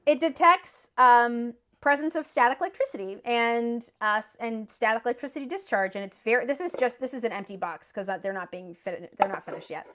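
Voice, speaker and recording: Animated woman chatting as a guest. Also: a little high, brisk, hardly any pauses. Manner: animated, laughing, swears casually. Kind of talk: casual podcast chat.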